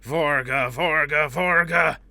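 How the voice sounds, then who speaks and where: A man voicing a hoarse, obsessed castaway who shouts a name in fury. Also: fairly high pitch, slow, no echo, pitched above the performer's own voice, full character voice. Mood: raging. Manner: croaking, then shouting.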